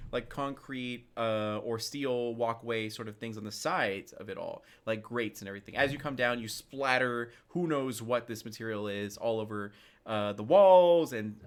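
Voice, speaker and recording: A man narrating as game master, describing scenes loosely with many fillers. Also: medium pitch.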